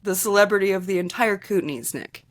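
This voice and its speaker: A woman's voice: medium pitch, quick pace. A woman co-hosting a sports podcast in casual chat, talking loosely with lots of filler words and easy laughter. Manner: chatty, many "like" fillers, laughs easily. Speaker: podcast co-host.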